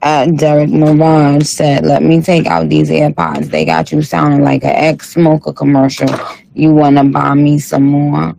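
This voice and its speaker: A man's voice: fairly high pitch, unhurried, gravelly, warm tone, a little hiss or hum, low-quality recording. A man doing a comic impression of a sassy, tired female rap star who reads live chat comments on a late-night stream, with a drawling, profane manner.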